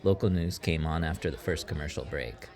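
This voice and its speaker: A man reading a scripted story as narrator, in a steady, measured way. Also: extremely low pitch. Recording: audible background noise.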